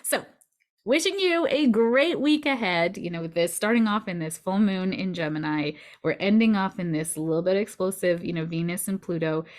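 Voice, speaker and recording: A woman's voice: on the low side, moderate pace. A woman astrologer giving a casual weekly forecast in a chatty, reflective way, often adding "right?" to her points.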